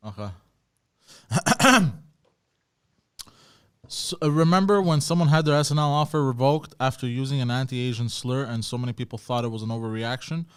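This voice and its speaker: Man, comedy podcast host, dry offhand chat, smooth tone. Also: medium pitch, steady tone, moderate pace, pauses often.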